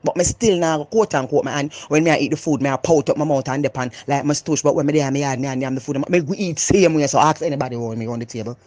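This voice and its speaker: Jamaican woman vlogger, loud, animated and emphatic, dry close sound. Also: low-pitched, fast, few pauses, dry recording. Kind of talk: casual opinionated monologue.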